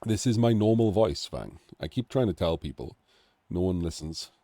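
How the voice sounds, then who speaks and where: A man's voice: low voice, expressive, normal speed, mellow, dry recording. A Welsh man with a nasal, throaty voice, sick and coughing, chatting casually through a game analysis. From Wales. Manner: chatty, self-deprecating asides.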